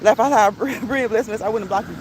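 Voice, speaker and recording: A chatty woman with a fairly high voice hosts a casual live stream while out on a walk. She laughs often and reads comments from her viewers aloud. Faint outdoor sounds are heard behind her. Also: brisk, background noise.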